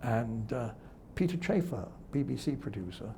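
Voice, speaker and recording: An older man, a veteran broadcaster, recalls old stories in an interview, chuckling and mimicking the people he quotes. His voice is strongly gravelly and dark-toned, with faint noise behind him. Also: mid-range voice, sing-song, normal speed. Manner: chuckling storyteller who acts out quoted voices. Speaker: television presenter. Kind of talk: reminiscing interview anecdotes.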